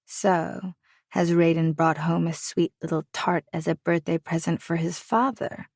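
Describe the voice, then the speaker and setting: A woman's voice: fairly low pitch, flat delivery, a little slow, dry recording, clean studio sound. A woman voicing a cold, sneering, wealthy middle-aged wife in an audiobook, with a mocking, scornful drawl.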